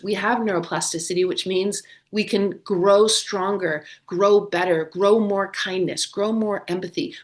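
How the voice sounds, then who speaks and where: Earnest woman giving a webinar talk. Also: medium pitch. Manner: earnest, encouraging, repeats phrases for emphasis. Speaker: neuroscience author and webinar speaker.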